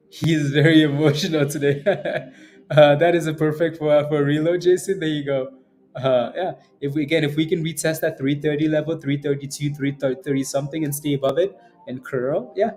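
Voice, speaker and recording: A man's voice: on the high side, darkish tone. A man hosting a live day trading stream, chatting casually about charts, often laughing and answering chat with lots of fillers and "right?". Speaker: day trading livestream host. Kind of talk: casual live market commentary.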